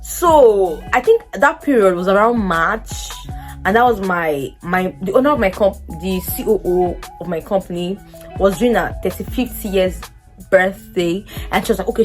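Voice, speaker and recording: A young woman with a Nigerian English accent telling a personal story to her vlog audience, lively and acting out what people said. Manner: animated, acts out quoted dialogue in a much higher voice. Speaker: vlogger. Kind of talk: casual storytelling.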